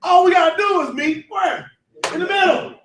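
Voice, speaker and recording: A man leading a motivational sales training, shouting, laughing and getting the crowd to answer back. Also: very high-pitched, normal speed, a little hiss or hum. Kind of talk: motivational seminar talk. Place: large event hall. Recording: echoey hall, voice from far off.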